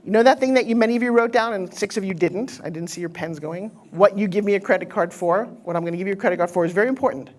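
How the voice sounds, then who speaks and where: A middle-aged American woman giving a live motivational seminar on pitching to an audience, blunt and punchy in delivery. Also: fast talker, hardly any pauses, a little mellow. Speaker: motivational speaker teaching pitching.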